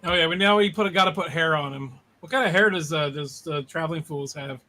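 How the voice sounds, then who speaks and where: Man, playful, chuckling, bright sharp voice. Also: fairly high pitch, fast. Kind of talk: casual live chat.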